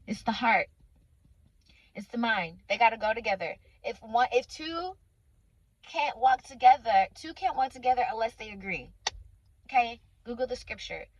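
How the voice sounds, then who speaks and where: A woman's voice: a little high, lively intonation, moderate pace, muffled recording. A woman giving informal preaching to her listeners, stressing points by repeating phrases and calling them honey and sweetheart. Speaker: Christian faith speaker.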